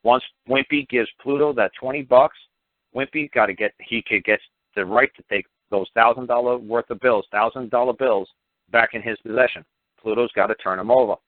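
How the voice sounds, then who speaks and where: A blunt, profane man lectures a caller on a call-in radio show, swearing freely and hammering his points home. His voice sits at an ordinary pitch and comes through a dry, tinny phone line. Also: steady tone, moderate pace, no room sound.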